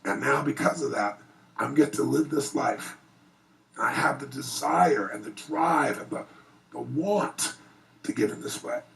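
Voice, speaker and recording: Gravelly man telling an earnest story. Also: mid-range voice, a little slow, recorded from a distance, poor audio. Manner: earnest, animated, rising excitement in retellings. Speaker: motivational speaker. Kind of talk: emotional personal storytelling speech. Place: private event before an audience.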